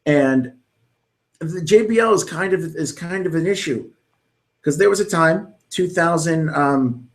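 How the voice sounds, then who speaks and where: A man's voice: on the high side, lively intonation, unhurried. A young man co-hosting a podcast, talking in a rambling, enthusiastic way with many restarts. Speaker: podcast co-host. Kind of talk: casual chat about wrestling commentary.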